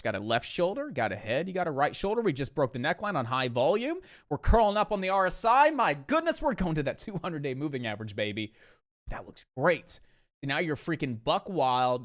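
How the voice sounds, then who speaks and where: A man with a fairly high voice hosts a live day-trading stream, emphatically explaining the market to viewers he calls "guys." He repeats points to drive them home.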